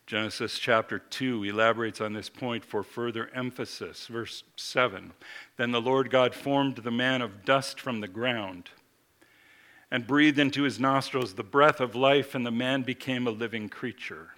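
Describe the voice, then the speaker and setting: A man preaching a sermon in a measured way, slowing down when he reads scripture and building emphasis on key points. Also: mid-range voice, fairly even intonation, a bit bright.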